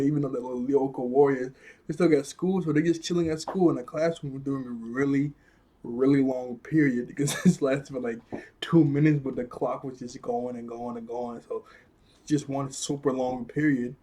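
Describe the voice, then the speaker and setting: A man's voice: mid-range voice, mellow. A man casually reviewing a cartoon episode, rambling and chuckling through a loose retelling full of fillers.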